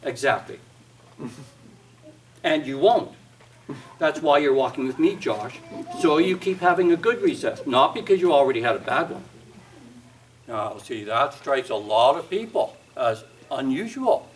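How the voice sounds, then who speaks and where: A man's voice: medium pitch, lively intonation, a little slow, long pauses. A man giving a seminar talk on discipline, telling stories and acting out what parents, teachers and children say, with dry humor. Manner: storytelling, acts out quoted parents and kids, wry humor. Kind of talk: seminar talk with acted anecdotes. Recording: distant mic with faint background noise.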